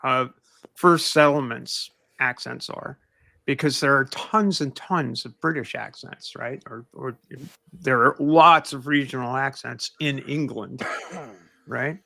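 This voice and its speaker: An American man in casual podcast chat who explains things in a rambling, halting way. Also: mid-range voice, vocal fry, bright, forceful tone, no echo, studio quality. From United States.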